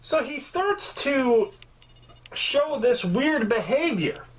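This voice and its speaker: A man's voice: very high-pitched, slow pace, poor audio. Guy doing a chill comedic movie review, swears a lot, voice jumps all over the place. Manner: animated, swears freely, rambling asides.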